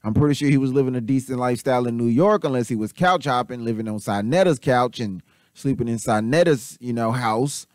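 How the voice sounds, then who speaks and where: A man hosting casual commentary, rambling and repetitive, animated and swearing freely. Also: medium pitch, fairly quick, no echo, clean studio sound. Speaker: channel host.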